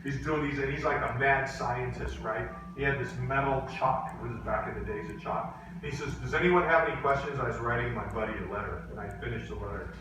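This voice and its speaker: Guy teacher telling a class story, animated, echoey room, mic far off, noisy. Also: mid-range voice, brisk, few pauses. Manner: animated, acts out quotes in voices.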